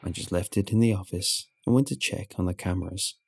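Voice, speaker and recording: Deep gravelly male horror narrator. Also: brisk, no echo, clean studio sound. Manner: low gravelly storytelling delivery. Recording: soft music underneath.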